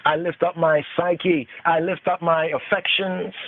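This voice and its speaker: Male host, slow devotional scripture teaching, higher voice, tinny phone-line audio. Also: flat delivery. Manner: chanting verses, then repeating and expounding word by word.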